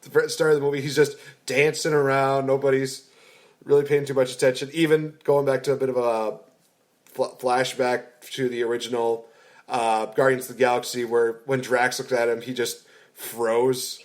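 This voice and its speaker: An excitable man talks through a film in a casual podcast chat. His voice sits at an ordinary middle pitch, and he rambles, restarting sentences as he gushes. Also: normal speed. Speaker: podcast co-host. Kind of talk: casual movie review chat.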